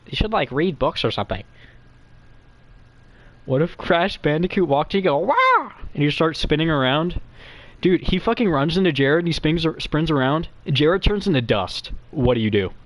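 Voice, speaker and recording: A young man rambles through crude, silly tangents, his voice jumping all over the place. He talks quickly and quietly in a nervous, giggly way, like a guest chatting with streamers he admires. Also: a little high, no room sound. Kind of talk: rambling comedic chat.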